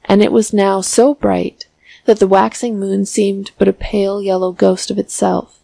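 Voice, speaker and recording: A woman reading a classic story aloud as an audiobook narrator, in a measured, steady, phrase-by-phrase delivery. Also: mid-range voice, vocal fry, no echo, rough recording.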